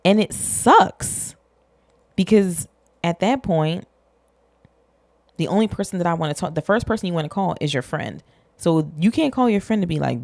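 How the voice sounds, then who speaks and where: A woman's voice: deep voice, moderate pace, vocal fry, darkish tone, no echo. A young woman hosting a podcast, talking frankly and casually in a rambling way, swearing freely and joking at herself. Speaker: podcast host. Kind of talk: candid casual monologue.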